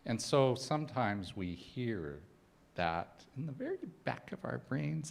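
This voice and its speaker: Animated middle-aged man giving a talk. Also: mid-range voice, unhurried, vocal fry. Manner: conversational storytelling with humorous asides. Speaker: spiritual speaker. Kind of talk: personal sermon talk.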